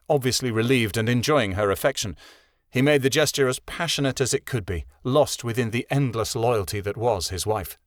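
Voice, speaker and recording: A man's voice: medium pitch, no room sound, clean studio sound. Man narrating a fantasy audiobook.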